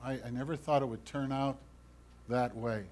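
A man preaching a sermon, earnest and pleading, swinging from loud emphasis to hushed asides and asking his listeners direct questions. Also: medium pitch, fairly even intonation, normal speed, a little hiss or hum. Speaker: pastor.

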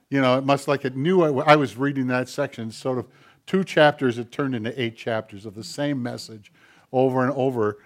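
A man preaching a sermon who acts out prayers and God's replies in quoted voices, swinging from loud urgent appeals to low hushed asides. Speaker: pastor.

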